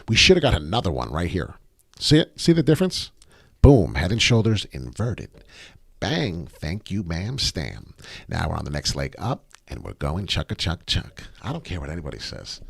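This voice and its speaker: A brash, excitable man rants his way through a live trading stream, swearing freely and wandering off topic. His voice sits low but leaps up and down with feeling. The sound is dry and close. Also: gravelly, dry recording. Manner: brash, profane, excitable, rambling. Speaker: crypto trading livestream host. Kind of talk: live chart analysis, off-the-cuff rant.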